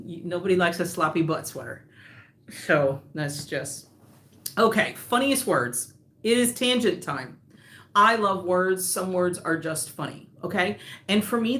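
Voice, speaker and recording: A woman's voice: fairly low pitch, fairly bright tone, reverberant. A woman who designs knitting patterns, hosting a live stream in casual chat that wanders off on tangents, laughing often.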